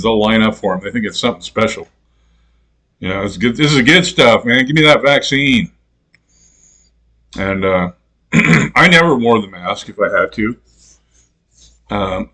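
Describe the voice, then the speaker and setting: A man's voice: on the low side, fairly bright tone. Rambling, swearing man telling stories. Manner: rambling, swears freely, laughs at his own stories; mimics other people in quoted voices. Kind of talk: casual profane storytelling rant.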